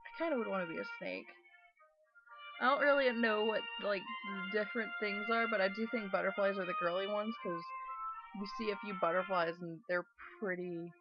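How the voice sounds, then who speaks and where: A woman's voice: mid-range voice, fairly quick. A woman reading a visual novel aloud and adding chatty, wry comments about it. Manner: chatty, wry asides between read lines. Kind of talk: reading game text aloud with casual commentary. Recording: dull recording with game music.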